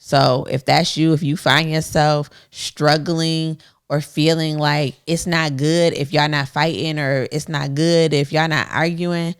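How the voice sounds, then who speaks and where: A woman's voice: sits low, a little slow, hardly any pauses, clean tone. A woman co-hosting a podcast, speaking candidly in casual chat and often laughing as she tells stories. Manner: candid, laughing, animated storytelling. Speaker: podcast co-host.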